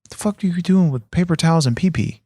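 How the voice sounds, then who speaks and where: A man's voice: a little high, fast talker, dark tone, slightly rough, dry recording, clean studio sound. A man co-hosting a comedy podcast, brash, profane and exasperated. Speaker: podcast co-host.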